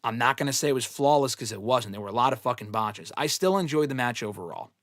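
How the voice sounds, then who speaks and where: A man's voice: medium pitch, lively intonation, quick pace, a bit bright, dry recording, clean studio sound. A man hosting a live wrestling Q&A show, giving blunt, opinionated takes in a casual, swear-heavy way. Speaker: wrestling podcast host answering fan questions.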